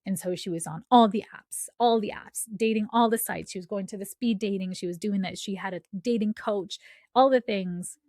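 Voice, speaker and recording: A woman's voice: medium pitch, normal speed, darkish tone, no room sound, studio quality. A woman hosting a spiritual podcast in a casual, chatty way, often checking in with "right?". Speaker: podcast host and coach.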